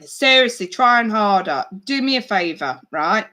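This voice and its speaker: A woman's voice: medium pitch, expressive, slow pace, a bit bright. A woman giving live tarot readings to her viewers in a chatty, blunt way, swearing casually. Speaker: tarot reader.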